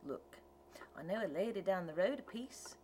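A woman's voice: mid-range voice, expressive, moderate pace, mellow, a little hiss or hum, natural voice. A woman doing a folksy wandering tinker man. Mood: friendly. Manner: rustic ungrammatical drawl, wheedling. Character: folksy wandering male tinker, pleading salesman. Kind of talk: audiobook character reading.

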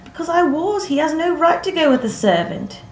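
A woman's voice: sits high, expressive, moderate pace, a little hiss or hum, pitched above the performer's own voice. A woman narrator voicing a bold, practical teenage country girl who chatters eagerly, using northern English dialect words. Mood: indignant. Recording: roomy echo.

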